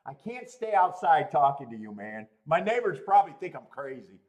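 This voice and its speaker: A man hosting a horse racing betting livestream, talking casually in animated, laughing rants and stammering often. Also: a little high, moderate pace.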